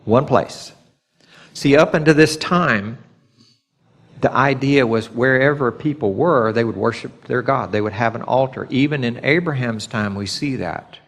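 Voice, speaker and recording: Man, Bible teacher, conversational sermon, middle pitch, animated quotes. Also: unhurried. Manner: conversational, acts out God's voice in quotes.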